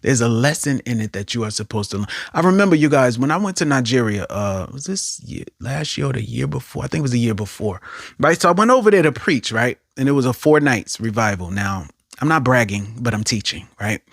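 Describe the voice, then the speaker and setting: A man preaching an online sermon, animated, repeating phrases for emphasis and often checking in with "right?". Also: mid-range voice, a little fast, creaky, no room sound, clean studio sound.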